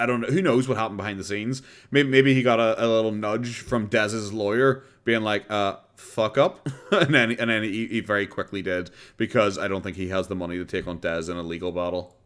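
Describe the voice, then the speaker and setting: A man's voice: fairly low pitch, fairly bright tone. An Irish man hosting a casual commentary stream, sarcastic and profane, breaking into laughter often.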